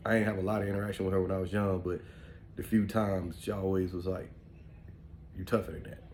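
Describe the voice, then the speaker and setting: A middle-aged podcast host with an African American Vernacular English accent tells stories in a loose, rambling monologue, sprinkling in "man" and "you know" throughout. His low, mellow voice is fast and level-toned, with a faint background hum underneath.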